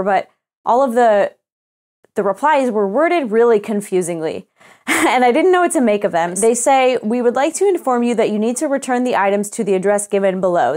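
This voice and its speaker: A young woman co-hosting a podcast, telling a frustrating story with casual swearing and acted-out quotes. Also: mid-range voice. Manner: animated storytelling, swears freely, acts out quoted exchanges. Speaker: podcast co-host. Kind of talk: casual chat.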